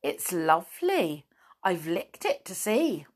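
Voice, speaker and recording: A woman's voice: lowish voice, sing-song, slow, heavily acted. A woman voicing a timid, loyal young male rabbit who talks hesitantly and stammers.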